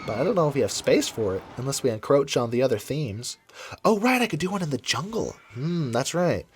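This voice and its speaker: Over some background noise, a medium-pitched American man narrates his gameplay in a casual let's-play. He's chatty and rambling, often correcting himself mid-thought.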